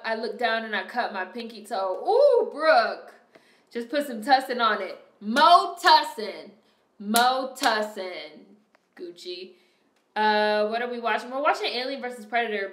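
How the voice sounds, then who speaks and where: A young woman streaming and chatting casually with her viewers, telling animated stories full of swearing. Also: on the high side. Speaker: streamer reacting to a movie and reading chat. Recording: echoey room.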